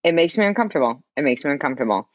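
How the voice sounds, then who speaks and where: A woman co-hosting a podcast in casual chat, animated and emphatic, laughing often. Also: low-pitched, very fast, dry recording. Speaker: podcast co-host. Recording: slightly dull dry mic.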